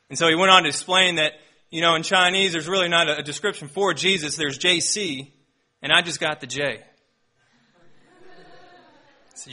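A young man delivers a sermon, easing in with an animated, self-deprecating story. His voice sits high and rings very bright. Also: a little fast. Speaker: pastor.

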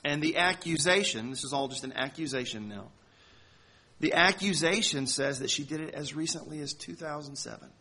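A man delivering a sermon to a congregation, telling a story in a conversational way with slow, emphatic phrasing. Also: medium pitch, creaky, pushed and bright, breathy edge. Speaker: pastor.

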